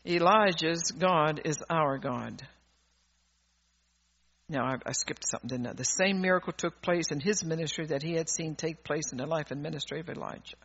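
A high-pitched, bright-toned man preaching with fervor, drifting between quiet asides and loud exhortations. The recording is dull and lo-fi. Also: fast talker, hardly any pauses, husky. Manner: fervent, swings from soft asides to loud exhortation; rambling, with restarts and laughter. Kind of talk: sermon.

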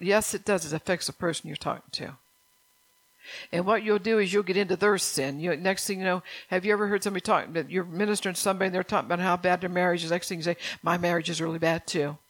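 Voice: medium pitch, a bit bright. A pastor preaching a stern, urgent sermon, repeating phrases and firing rhetorical questions at the congregation.

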